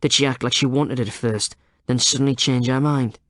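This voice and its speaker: A man reading as a hard-edged police detective in an audiobook, sliding between reasonable coaxing and cold accusation. His delivery is dry and close, at an ordinary middling pitch, with no room around it. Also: fairly even intonation, a little fast, a bit bright, no room sound, natural voice. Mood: insinuating. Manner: needling interrogator, shifts from reasonable to accusing. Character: male police detective, coaxing then menacing.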